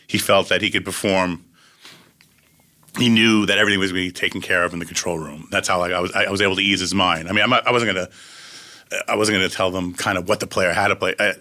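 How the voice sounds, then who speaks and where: A man's voice: deep voice, pushed and bright. A man, a record producer, telling casual anecdotes and acting out the lines of other people.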